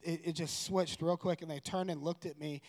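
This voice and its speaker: A man telling a personal story in a casual, rambling way, correcting himself and growing animated. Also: on the high side, a little fast. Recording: long room reverb.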